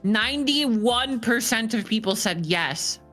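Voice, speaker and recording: A woman's voice: medium pitch, unhurried, a bit bright, soft background music. A woman streamer bantering playfully in casual chat, teasing and swearing casually.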